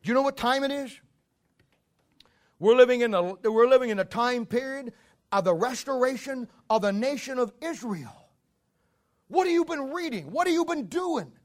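A male preacher delivers a fiery sermon with rhetorical questions, and he tells his history as a story. His voice sits high for a man, and he climbs even higher and louder at his peaks. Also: normal speed, pauses often.

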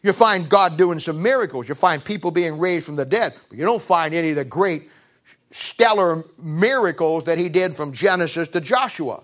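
A man preaching with a high voice. He drives points home with repetition, climbing to raised emphasis and then dropping low. His delivery is a steady sermon cadence. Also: moderate pace. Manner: repeats phrases, restarts.

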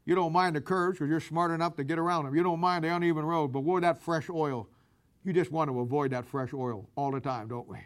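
A high-voiced man delivers a folksy, joking sermon. He tells stories with animated swings between loud bursts and quiet asides, and laughs at his own punchlines. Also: fairly quick. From Missouri, USA. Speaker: pastor.

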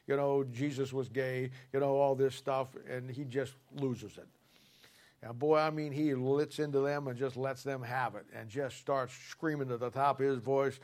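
A man's voice: mid-range voice, level tone, normal speed. A man preaching a sermon in a folksy, colloquial storytelling way, with emphatic points. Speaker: pastor.

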